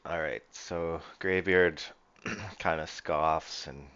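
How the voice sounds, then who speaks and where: Slow, halting game master man. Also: sits low, fairly bright tone, dull audio. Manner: halting, many fillers. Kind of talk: running a tabletop game.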